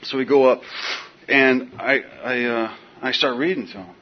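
A man's voice: mid-range voice, normal speed, slightly rough. Slangy man telling a story, lo-fi. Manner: animated and slangy, peppered with "dude" and "man". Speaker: guest telling his recovery story. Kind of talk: casual storytelling. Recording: dull lo-fi recording with faint hiss.

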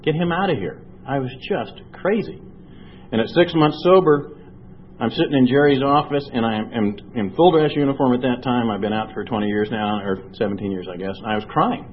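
A man's voice: medium pitch, fairly quick, lo-fi sound, slight background noise. An older man giving earnest personal testimony to a recovery meeting, telling his story and acting out the dialogue he remembers. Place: meeting room.

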